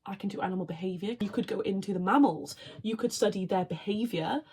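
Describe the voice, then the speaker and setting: A young woman from Wales talks to camera in a casual get-to-know-me style. She is bubbly and chatty, wandering into quick asides as she goes. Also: mid-range voice, darkish tone, a little hiss or hum. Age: young adult. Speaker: vlogger, marine biology student.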